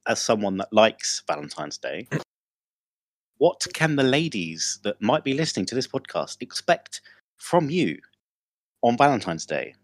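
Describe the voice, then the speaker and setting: A man's voice: lowish voice, sing-song, measured pace, no room sound. A man co-hosting a podcast, trading teasing, dry banter in casual chat. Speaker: podcast co-host.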